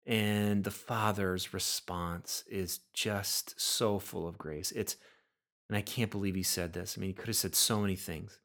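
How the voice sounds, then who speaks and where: An earnest male preacher with a slightly low voice delivers a sermon. He often repeats words and restarts his sentences as he works toward each point. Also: a bit bright. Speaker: pastor.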